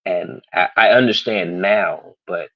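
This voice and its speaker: A man's voice: low-pitched, measured pace, dry recording, lo-fi sound. A man chatting casually on a livestream panel, hesitant and restarting, with small chuckles. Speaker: panel guest.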